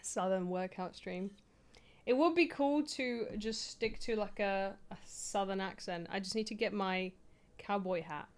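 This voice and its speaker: A young woman streams from her small home office, her medium-pitched voice moving at a moderate pace. She rambles and chats casually with her live audience, often poking fun at herself.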